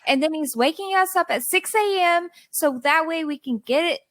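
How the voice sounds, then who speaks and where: A woman's voice: extremely high pitch, normal speed, dry recording. A woman podcast guest telling a long story in casual, exasperated style, acting out the people in it. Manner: animated, exasperated storytelling with quoted dialogue.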